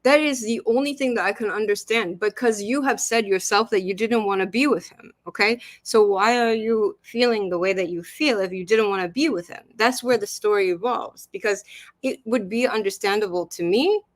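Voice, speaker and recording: A woman's voice: medium pitch, moderate pace, no room sound. A woman talking on a livestream in a casual chat, rambling and interrupting herself as she gets heated. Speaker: guest on a livestream talk.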